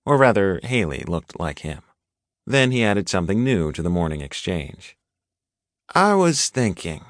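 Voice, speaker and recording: A man reading a romance audiobook in an even, measured narration, close to a studio mic. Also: sits low, no room sound. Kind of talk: scripted narration.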